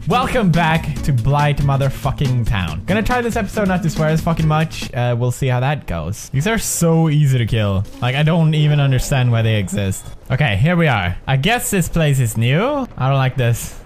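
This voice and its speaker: A man's voice: medium pitch, normal speed, hardly any pauses, soft background music. A young man with a Swedish accent commentating on a video game as he plays, joking, swearing, muttering to himself and yelping when things go wrong. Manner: excitable, jokey, swings from mutters to yelps. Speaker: gaming video host.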